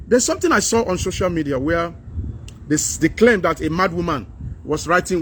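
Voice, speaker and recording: Nigerian man with a high voice, preachy political vlogger, hammers points with rhetorical questions, vehicle noise behind. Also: brisk. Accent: Nigerian English with Pidgin. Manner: preachy, repeats phrases, asks rhetorical questions. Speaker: political commentator. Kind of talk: impassioned political vlog rant.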